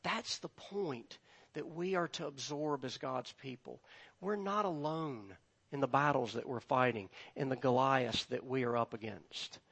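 Guy preaching a sermon, takes his time, gets loud and emphatic on the scripture bits. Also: mid-range voice, measured pace, gravelly, breathy edge. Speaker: pastor.

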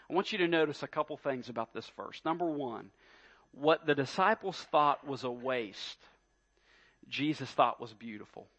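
A man's voice: mid-range voice, animated, normal speed, fairly bright tone, dull audio. A man preaching a sermon, emphatic and full of rhetorical questions, often repeating his words. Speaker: pastor.

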